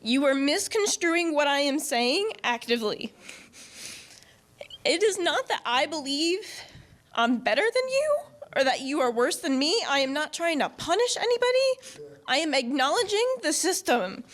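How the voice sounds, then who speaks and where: A woman speaking up from an audience at a debate, earnest and measured. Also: high voice, big pitch swings, fairly bright tone. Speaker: audience member. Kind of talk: debate exchange.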